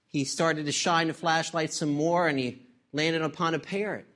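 A man's voice: a little high, steady tone, moderate pace, a bit bright. A male pastor delivering a sermon, opening with a joke and closing in prayer. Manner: tells a joke, then preaches and prays.

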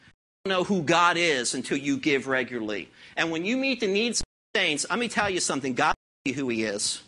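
A middle-aged pastor preaching a sermon, asking the congregation rhetorical questions and swinging between loud declarations and quiet asides. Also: mid-range voice, big pitch swings, brisk.

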